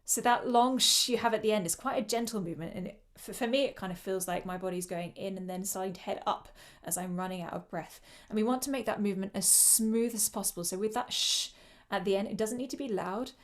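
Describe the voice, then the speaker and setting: A woman coaching singers through breath control in a mid-pitched, ordinary voice. She explains patiently and demonstrates each exercise with shushing sounds. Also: quick pace, few pauses. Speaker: choral singing coach. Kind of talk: online vocal workshop instruction.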